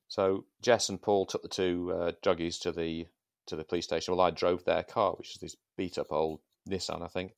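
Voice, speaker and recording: A middle-aged man telling police stories as a podcast guest, in a measured, dry manner with some hesitations. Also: sits low, gravelly, dry recording. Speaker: guest, former police sergeant. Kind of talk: anecdotal storytelling.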